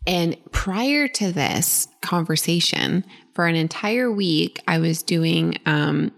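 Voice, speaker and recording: Low-voiced woman telling stories. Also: slow, creaky, few pauses. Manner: animated, acts out voices in quotes, fillers of like. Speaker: podcast co-host. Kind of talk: casual storytelling chat.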